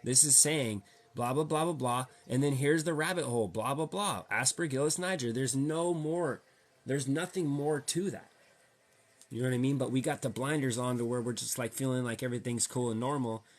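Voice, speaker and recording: A man's voice: mid-range voice, moderate pace. Slangy man ranting to camera. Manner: slangy, profane, heated and repetitive. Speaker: vlogger. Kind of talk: casual ranting monologue.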